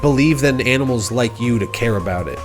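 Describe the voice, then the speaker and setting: A man's voice: medium pitch, fairly quick, over loud music. A man hosting a game livestream, telling a goofy story in casual slang, rambling with restarts. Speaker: livestream host.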